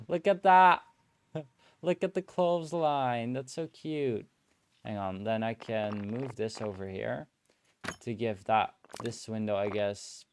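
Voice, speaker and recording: A man streaming a building game, musing aloud in relaxed commentary and filling pauses with hums and playful nonsense sounds. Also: medium pitch, vocal fry, no echo. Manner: slow, musing talk to himself, hums and playful filler sounds.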